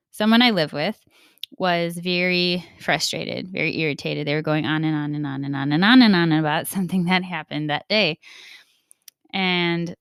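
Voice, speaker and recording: A young adult woman, a Catholic mindset coach and podcast host, talking casually and reflectively, animated and laughing often as she acts out bits of dialogue. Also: fairly low pitch, smooth, dry recording, studio quality.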